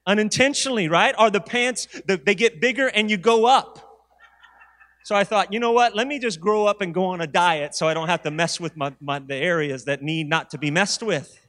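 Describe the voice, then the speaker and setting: A man in his forties preaches with a high voice, moving between firm points and playful storytelling. His voice rings out with a long reverb in a large church hall. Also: moderate pace. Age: 40s. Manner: animated preaching with storytelling asides. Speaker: pastor. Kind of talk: sermon. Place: church sanctuary.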